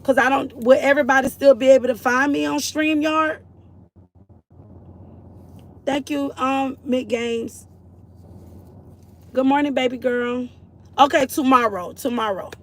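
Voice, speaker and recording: A woman's voice: sits high, steady tone, unhurried, pauses often, a bit bright. A woman from Florida hosting a casual faith-based livestream, earnest and encouraging as she greets and answers viewers in the chat. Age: adult mother. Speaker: livestream host.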